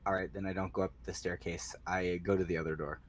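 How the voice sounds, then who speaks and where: A man's voice: sits low, level tone, quick pace. A man playing a tabletop game, describing his character's actions hesitantly. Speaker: player. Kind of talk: casual tabletop play.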